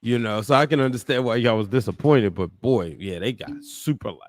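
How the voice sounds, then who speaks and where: A man with a medium-pitched voice, recorded with a dry, close sound. He co-hosts a podcast in casual chat. He explains his points in an easygoing, relaxed way. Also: a little fast, no room sound. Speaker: podcast co-host.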